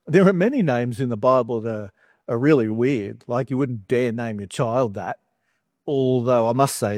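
A man preaching a sermon in a conversational way, with wry asides and animated emphasis. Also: mid-range voice, dry recording, studio quality.

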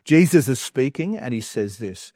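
A man's voice: medium pitch, expressive, normal speed, dark tone, no echo, clean studio sound. A man giving a conversational sermon, chatty and wry, with humorous asides between scripture readings. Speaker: preacher.

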